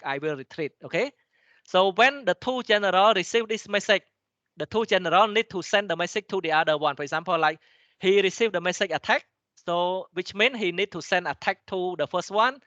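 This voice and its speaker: Cambodian guy teaching class, kinda high voice, lots of restarts n "okay?", slightly muffled dry audio. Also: a bit bright, no echo. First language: Khmer. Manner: halting, many restarts and fillers, repeats "okay?" to check understanding. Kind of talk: lecture explaining slides, switching between English and Khmer.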